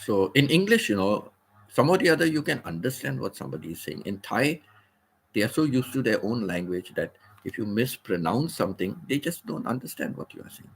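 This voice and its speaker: A man hosting a casual livestream, explaining words patiently and repeating phrases, with the occasional throat clear. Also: mid-range voice, big pitch swings, fairly quick. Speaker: livestream host. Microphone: computer or phone mic, seated.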